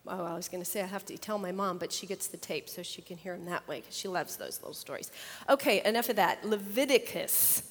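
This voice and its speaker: An older woman, a grandmother, chatting about her grandchildren and then teaching a Bible lesson, animated and laughing as she tells stories. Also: fairly low pitch, a little fast, big-room sound. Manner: chatty, animated, acts out children's voices with laughter. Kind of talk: casual storytelling and Bible lesson.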